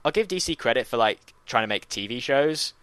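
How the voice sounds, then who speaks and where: A man co-hosting a casual pop culture chat, chatty and quick to mock with little put-on voices. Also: mid-range voice, lively intonation, fairly bright tone, smooth, dry recording. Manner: chatty, slips into mocking voices for quotes. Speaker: podcast co-host.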